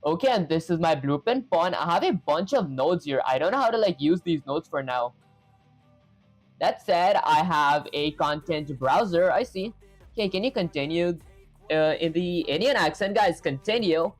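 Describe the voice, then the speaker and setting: A live-stream coder talks through their work in a relaxed, running commentary at a mid-range pitch. They think out loud and keep dropping "okay" and "let's go ahead" between steps. Soft music plays quietly underneath. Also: moderate pace.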